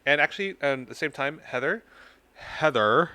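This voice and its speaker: A man's voice: a little high, animated, normal speed, bright, forceful tone, no echo. A man hosting a casual tarot reading live stream, playful and teasing with his viewers.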